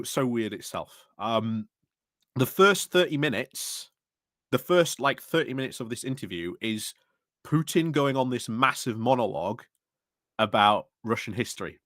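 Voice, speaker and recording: A man's voice: mid-range voice, a bit bright, no room sound, studio quality. A man in casual political chat on a podcast, rambling with many fillers and restarts. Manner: rambling, frequent fillers and restarts, laughs while talking. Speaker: podcast panelist.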